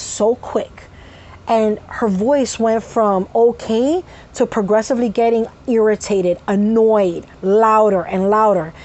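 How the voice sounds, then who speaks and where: A woman's voice: on the high side, unhurried, a little mellow. A woman telling a personal story in casual storytime style, rambling with many fillers and sudden vocal tics.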